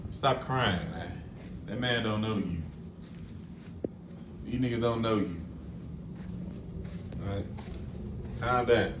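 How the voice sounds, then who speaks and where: A man's voice: lowish voice, reverberant, background noise. Blunt, profane man ranting. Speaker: vlogger. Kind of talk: casual rant to camera.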